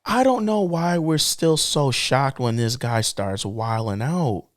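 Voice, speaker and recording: A young man co-hosting a podcast, talking in an emphatic, animated way that swings between low drawn-out remarks and excited bursts. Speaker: podcast co-host. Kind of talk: casual podcast commentary.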